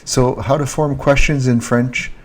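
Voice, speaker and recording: A man giving a casual French lesson, speaking slowly, repeating each French word and stressing it, recorded on a handheld mic. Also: mid-range voice, fairly even intonation. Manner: slow, repeats French words with rising emphasis. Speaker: French teacher. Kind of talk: casual online language lesson. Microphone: handheld mic with earphone monitor.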